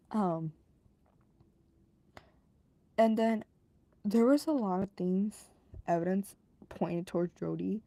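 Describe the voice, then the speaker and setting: A young woman talks through a true crime case in a loose, joking ramble, full of "like" and quick laughs. Her voice is mellow and dark-toned, and the recording is dry with no room sound. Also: medium pitch, no echo. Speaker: podcast host. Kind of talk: casual true crime commentary.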